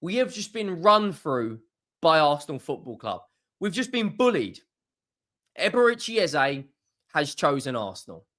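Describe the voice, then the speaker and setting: A man's voice: very animated, a little slow. Ranting football fan man. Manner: swears often, swings from low muttering to loud exasperated outbursts.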